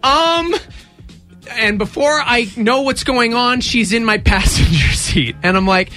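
Young male radio host, high bright voice, lively storyteller who acts out quotes. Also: faint music behind. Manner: animated, acts out voices in quotes, quick bursts. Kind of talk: casual storytelling chat.

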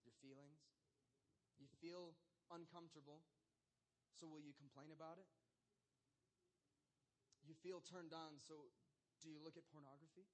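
Brief: thirties male pastor, high voice, chatty animated sermon delivery. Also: a little slow, long pauses, rough recording. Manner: conversational and animated, lots of fillers.

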